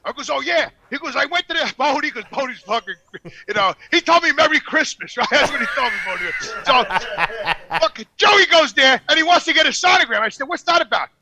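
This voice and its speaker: A man's voice: extremely high pitch, expressive, fairly quick, crowd noise. An older man telling long, rambling, profane stories in casual podcast chat. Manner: loud, profane, rambling anecdotes. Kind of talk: casual storytelling.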